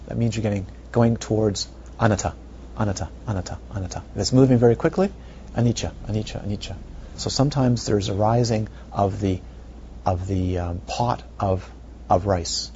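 A man with a mellow, lowish voice delivers a dharma talk as a meditation teacher, speaking at a moderate pace. Phrases recur and playful rhetorical questions pop up throughout. The audio is dull and lo-fi, with faint hiss.

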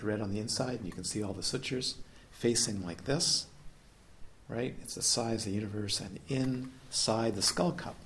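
Guy leading a retreat talk, kinda low voice, playful, tosses questions at the room, faint hiss behind. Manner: playful, exploratory teaching with questions to listeners. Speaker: meditation teacher. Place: retreat hall.

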